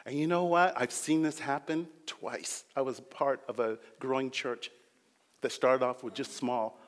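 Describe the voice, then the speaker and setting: A man preaching a sermon with earnest swings between loud emphasis and quiet passages, acting out quoted voices. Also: medium pitch, measured pace. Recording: long hall reverb.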